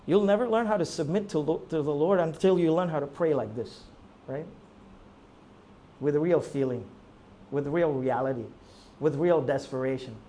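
A man preaching a sermon, rising to near-shouts and falling low, often asking the congregation rhetorical questions. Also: moderate pace, pauses often, slight background noise. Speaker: pastor.

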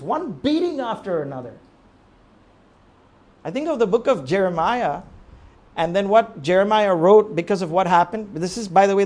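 A man preaching a sermon, rising to near-shouts and falling low, often asking the congregation rhetorical questions. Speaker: pastor.

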